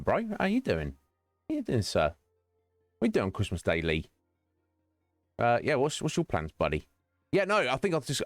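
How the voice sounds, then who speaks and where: A man's voice: on the low side, dry recording. A male streamer chatting casually with viewers during a game stream, rambling and teasing, laughing often.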